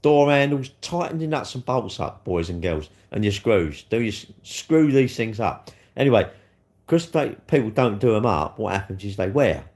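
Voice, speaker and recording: A middle-aged man, chatting on a live stream in a loose, rambling way. His voice sits fairly low, and he swears freely as he answers viewers. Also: animated, normal speed, darkish tone. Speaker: livestreamer. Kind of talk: casual live-stream chat.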